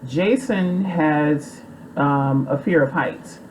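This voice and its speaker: A woman's voice: low-pitched, drawn-out words, darkish tone, a little hiss or hum, poor audio. A woman casually recapping a movie plot in a rambling, chatty way full of fillers. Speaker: movie reviewer.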